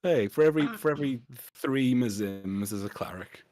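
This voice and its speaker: A man running a tabletop game as game master, laid-back and quick to laugh. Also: medium pitch, darkish tone, no echo, studio quality.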